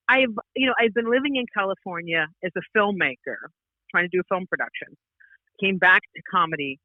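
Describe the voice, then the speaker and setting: Over a dry, tinny, phone-like connection, a female comedian with a lowish voice guests on a casual podcast. Her stories ramble and bubble with energy, broken by lots of restarts and laughs.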